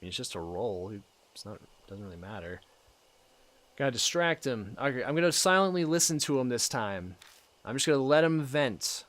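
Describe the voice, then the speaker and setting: A man's voice: medium pitch, expressive, moderate pace, a bit bright. A man casually commentating while he plays a game, joking, swearing and reading the game's text aloud. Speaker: let's play host.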